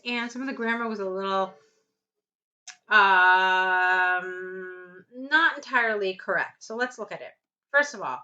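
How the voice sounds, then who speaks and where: Bright-voiced woman tutoring English writing. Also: a little high, highs cut off. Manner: patient, explains step by step, reads student text aloud. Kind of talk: essay correction lesson.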